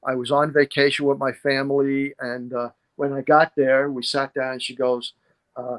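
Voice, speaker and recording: A man's voice: medium pitch, flat delivery, moderate pace, a bit bright. A middle-aged man, a guest historian, telling stories in a rambling way with constant "you know" fillers. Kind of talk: casual podcast storytelling.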